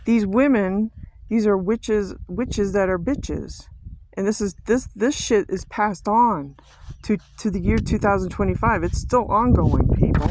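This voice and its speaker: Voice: mid-range voice, a little hiss or hum. A vlogger delivering a profane, rambling conspiracy rant to camera, firing off repeated rhetorical questions and stumbling over restarts. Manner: ranting, repetitive rhetorical questions, heavy swearing.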